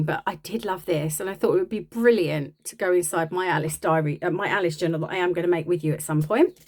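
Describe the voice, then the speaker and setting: A woman chatting casually and rambling a little as she shows off her craft supply haul. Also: lowish voice. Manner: chatty, rambling, self-deprecating. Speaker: crafting vlogger. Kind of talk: casual show-and-tell chat.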